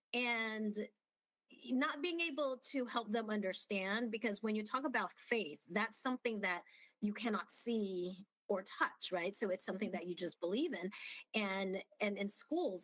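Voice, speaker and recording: A woman's voice: mid-range voice, no echo, low-quality recording. A woman co-hosting a radio talk show, telling a family story in casual chat and acting out the dialogue. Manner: storytelling, acts out quoted dialogue.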